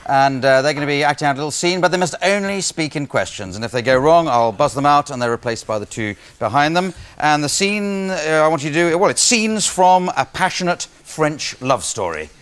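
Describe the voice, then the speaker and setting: A British man hosting an improv comedy game show, setting up games briskly with dry asides and hesitant fillers. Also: fairly high pitch, animated. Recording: television studio with loud audience laughter and noise.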